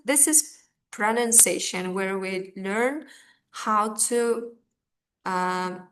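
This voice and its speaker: Woman teacher, unhurried, patient, filler words. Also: a little high, a bit bright. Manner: slow, patient, with fillers and restarts. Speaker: English teacher. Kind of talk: online language lesson.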